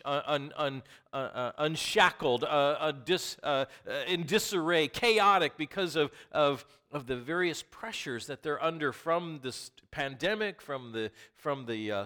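A man preaching a conversational sermon as pastor, animated and playful, often restarting and repeating words as he goes. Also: medium pitch.

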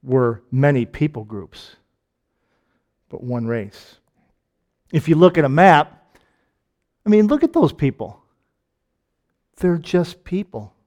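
A man with a Michigan accent preaching a conversational sermon, firing off rhetorical questions and jokes and swinging between loud and quiet. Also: a little high, big pitch swings, slow, long pauses, lo-fi sound. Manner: asks lots of rhetorical questions.

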